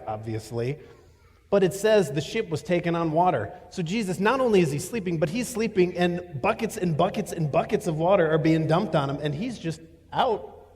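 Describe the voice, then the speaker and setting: A man preaching a sermon as a pastor, telling a story in a voice that swings from loud to hushed. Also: on the high side, in a large hall. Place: church.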